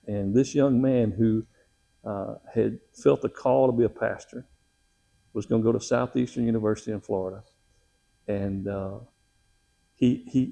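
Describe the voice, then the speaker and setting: A man's voice: mid-range voice, vocal fry, mellow. A middle-aged man, a missionary, telling a personal testimony in a folksy, emotional way with frequent laughs.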